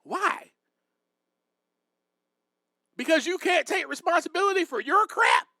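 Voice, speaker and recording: A man's voice: very high-pitched, lively intonation, unhurried, sharp tone, no room sound. A man hosting a podcast and giving recovery advice in a direct, emphatic, preachy way. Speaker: podcast host.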